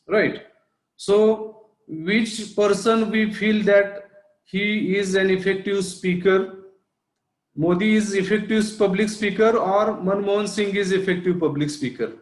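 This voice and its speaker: High-voiced lecturer in an echoey room. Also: male voice. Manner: explanatory, repeats points, asks rhetorical "right?". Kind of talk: online lecture on public speaking. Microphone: online class audio.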